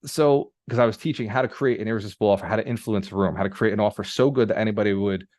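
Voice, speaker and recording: A man's voice: fairly low pitch, very fast, dry recording, clean studio sound. A man mentoring a group on a live coaching call, telling stories casually and prompting the audience with repeated phrases. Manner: conversational storyteller, animated, casual swearing. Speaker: business mentor. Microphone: video call microphone.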